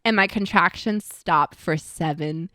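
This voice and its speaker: A woman's voice: fairly low pitch, unhurried, pushed and bright, dry recording, clean studio sound. A young woman co-hosting a podcast, telling a story in a casual chat and acting out the quotes with shrieks. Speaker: podcast co-host.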